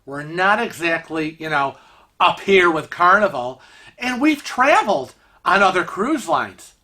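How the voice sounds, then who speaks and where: A man's voice: high-pitched, big pitch swings, measured pace, pushed and bright, exaggerated voice. A man doing a blunt exasperated husband. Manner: plain-spoken, exasperated. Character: blunt middle-aged husband, trying to stay calm.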